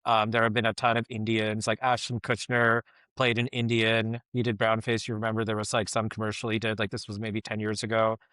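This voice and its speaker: A man's voice: lowish voice, monotone, brisk, fairly bright tone, clear, resonant tone, dry recording, studio quality. A middle-aged man giving casual podcast commentary, rambling and filling his talk with "like, you know".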